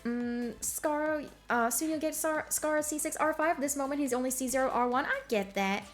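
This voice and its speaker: A woman's voice: sits high, moderate pace, faint music behind. Giggly slangy woman streamer. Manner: bubbly, giggly, slangy chatter with chat. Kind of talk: casual stream chat while gaming.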